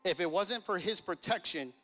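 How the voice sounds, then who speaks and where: A thirty-something pastor preaches with a high-pitched, animated voice at a moderate pace, bright and forceful, while faint music plays behind him. He shares a family story casually, chuckling and voicing the dialogue. The church sanctuary produces a long hall reverb.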